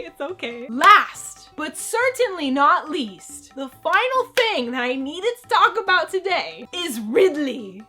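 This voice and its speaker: A woman chatting excitedly about video games in a casual vlog, jumping between jokes and hype. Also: high-pitched, moderate pace, faint music behind. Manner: excitable, animated, jokey. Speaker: gaming vlogger.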